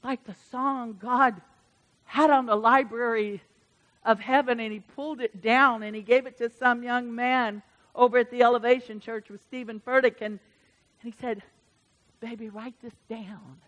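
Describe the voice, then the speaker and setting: A woman preaching a sermon in church. She swings from hushed asides to loud, emphatic bursts. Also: on the high side, fairly even intonation, normal speed, dull audio. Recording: reverberant church hall.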